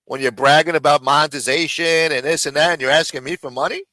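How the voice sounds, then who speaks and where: A man hosts a live stream and tears into his rivals in an angry, mocking rant full of swearing. His voice sits a little high and rings bright and forceful. He talks around a throat lozenge, and the sound is dry and close. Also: steady tone, fast, no room sound, low-quality recording.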